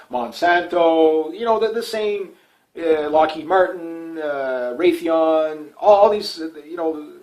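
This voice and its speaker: A man's voice: fairly high pitch, a little mellow, poor audio. A man from Canada giving casual solo political commentary, rambling with frequent fillers and restarts, opinionated and dismissive.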